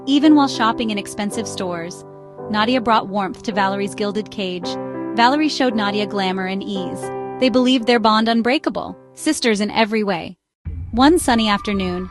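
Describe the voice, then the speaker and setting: A woman's voice: mid-range voice, moderate pace. A woman telling a short story in a simple, dramatic narration style. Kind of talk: scripted narration. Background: faint music.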